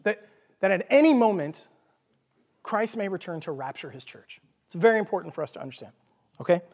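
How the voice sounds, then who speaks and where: High-voiced Texan preacher in a reverberant hall. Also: male voice, animated, fairly quick, a little mellow. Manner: informal, jokey, checks in with "okay?". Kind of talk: conversational sermon teaching. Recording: long reverb of a large hall.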